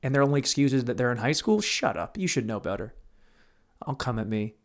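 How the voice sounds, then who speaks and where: A young man hosting a solo podcast, telling rambling, profane stories and breaking into sudden loud outbursts. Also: mid-range voice, expressive, a little fast. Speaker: podcast host.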